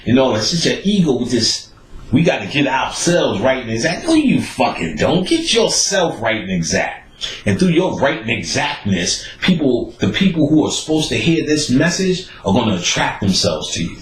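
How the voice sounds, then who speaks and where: A man hosting a podcast, telling stories in a profane, animated way and acting out the people he quotes. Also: medium pitch, normal speed, roomy sound, rough recording. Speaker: podcast host. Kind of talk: casual storytelling monologue.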